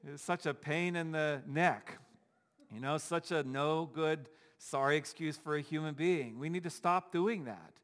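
Man preaching with a fairly high voice: emphatic, repeats his points, long church echo. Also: measured pace, a bit bright. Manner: emphatic, repetitive, rhetorical questions. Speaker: pastor. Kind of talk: sermon. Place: church sanctuary.

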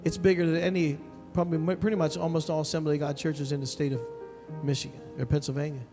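High-voiced animated preacher man. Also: fast. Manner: animated, emphatic, calls out to the congregation. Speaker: pastor. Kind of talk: storytelling sermon. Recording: long hall reverb with soft music behind.

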